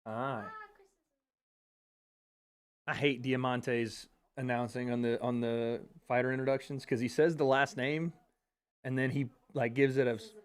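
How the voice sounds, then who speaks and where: A man's voice: medium pitch, fairly even intonation, a little slow, pauses often, smooth. A man hosting a casual livestream watch party, joking and swearing as he chats into a dynamic mic. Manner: joking, profane, chatty. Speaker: livestream host. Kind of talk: casual live commentary.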